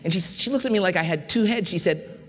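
Middle-aged male preacher from Washington, D.C., bright and slightly high voice, humorous storytelling sermon, reverberant sanctuary. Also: expressive, fast talker. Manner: storytelling with humor, varied pacing and emphasis. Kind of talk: sermon with personal stories. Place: church sanctuary.

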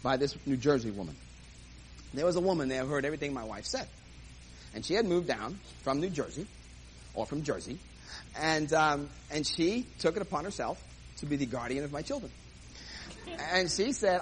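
A man's voice: fairly high pitch, big pitch swings, moderate pace, pauses often, a little hiss or hum, low-quality recording. A man comedian telling a self-mocking story on stage and acting out the dialogue. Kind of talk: stand-up storytelling.

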